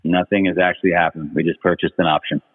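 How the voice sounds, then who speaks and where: A man's voice: deep voice, level tone, fast, slightly rough. A man answering interview questions with brief, offhand replies. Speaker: interview guest, company CEO. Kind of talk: casual podcast interview. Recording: tinny phone line with long reverb.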